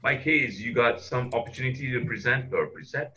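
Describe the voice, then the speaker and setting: A man's voice: medium pitch, brisk, bright, forceful tone, low-quality recording. A man coaching on a video call as a speaker trainer, emphatic and repeating words to push his points.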